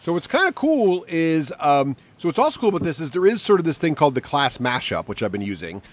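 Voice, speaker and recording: A man's voice: a little high, very animated, fast, lo-fi sound. A man hosting a podcast and running an improv role-play game, enthusiastic and laughing as he thinks aloud. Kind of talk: casual podcast chat.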